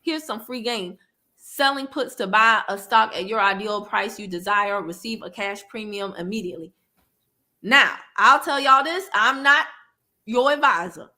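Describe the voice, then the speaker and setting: A woman hosting a casual livestream chat, animated and laughing, reading viewer comments aloud. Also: a little high. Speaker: livestream host.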